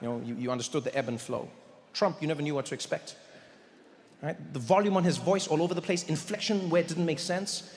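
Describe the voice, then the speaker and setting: A middle-aged man doing an animated stand-up comedy routine, often slipping into voices and impressions. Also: fairly high pitch, fast. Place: large comedy venue. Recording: echoey venue with long reverb and faint noise.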